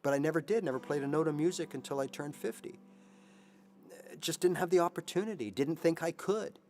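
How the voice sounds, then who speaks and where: A man in his fifties who hosts a guitar channel, giving animated motivational advice on a live stream and now and then singing a line. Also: fairly high pitch, fairly quick. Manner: animated, sings snippets, voices his inner brain. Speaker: guitar teacher, channel host.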